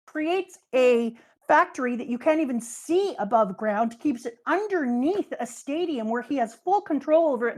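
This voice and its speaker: A middle-aged woman in casual chat on a live stream, building her points with emphatic, exasperated bursts. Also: sits high. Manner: emphatic, exclaims mild curses for emphasis.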